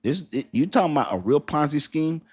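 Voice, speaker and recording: A man's voice: fairly high pitch, lively intonation, fairly quick, breathy edge. A man hosting a casual livestream, chatting loosely, laughing often and answering his chat. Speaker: crypto livestream host.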